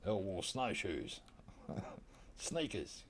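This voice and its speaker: Australian male streamer, low voice, chatty and joking, gameplay commentary. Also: very animated, slow, a little hiss or hum. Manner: joking, chatty, talks to the animals on screen. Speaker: gaming streamer.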